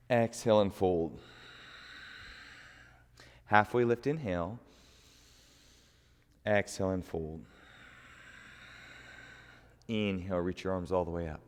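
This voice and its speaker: A man leading a guided yoga class, calmly cueing each breath and movement. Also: low-pitched, in a large hall, a little hiss or hum. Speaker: yoga instructor.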